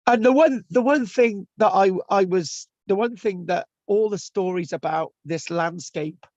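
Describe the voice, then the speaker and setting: A man's voice: high-pitched, unhurried, a little mellow, no room sound. A man giving an informal lecture to a class, chatty and full of restarts and tag questions. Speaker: lecturer teaching an online class. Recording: dull lo-fi, dry sound.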